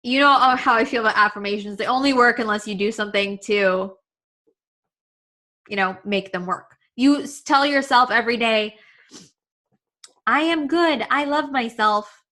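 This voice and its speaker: A woman leads a live confidence webinar over a webcam. Her voice sits fairly high and bright. She talks earnestly and emotionally, circling back and repeating herself with lots of casual fillers. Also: moderate pace. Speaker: confidence coach leading a webinar.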